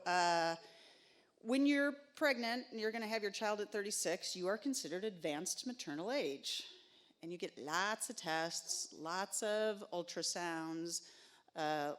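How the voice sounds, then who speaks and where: A woman's voice: mid-range voice, fairly bright tone. A woman telling a personal story live on stage into a microphone, conversational and wry, with many filler sounds.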